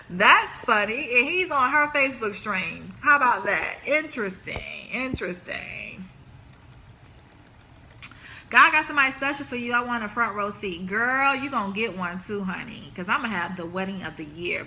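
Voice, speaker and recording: A woman's voice: a little high, animated, a little slow, bright, forceful tone, slight background noise. A woman hosting a live relationship stream, chatting casually and laughing as she reads viewer comments aloud.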